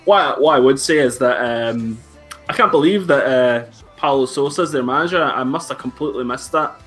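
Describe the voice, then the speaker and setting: A man talks as a guest on a casual live-streamed football chat. He sounds upbeat, and his speech is halting and full of fillers and restarts. His pitch is ordinary. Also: fairly bright tone, soft background music. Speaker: guest pundit.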